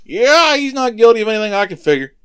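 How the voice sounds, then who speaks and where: A man voicing an offhand male Roman governor who talks quickly and brushes things aside. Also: sits high, big pitch swings, a bit bright, smooth, pitched above the performer's own voice. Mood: dismissive.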